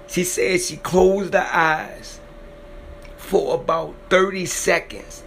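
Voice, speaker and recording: A man with a slightly high, steady voice speaks slowly, with vocal fry and a fairly bright tone over slight background noise. He retells someone's frightening encounter dramatically and emotionally, often repeating himself, his voice swelling when feeling runs high.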